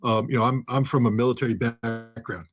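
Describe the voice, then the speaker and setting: A man's voice: mid-range voice, steady tone, a little fast. A man, a former weapons inspector and ex-Marine, telling a story in conversation and acting out the dialogue.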